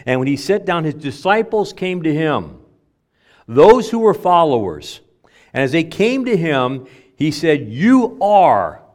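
Animated man preaching with slow stresses. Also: a little high. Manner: conversational preaching with stresses and slowed words. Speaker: pastor. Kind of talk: sermon.

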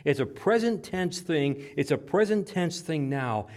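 Male preacher, sermon delivery; emphatic, loud peaks falling to low, quiet stretches. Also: animated, unhurried. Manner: emphatic, rises loud then drops low.

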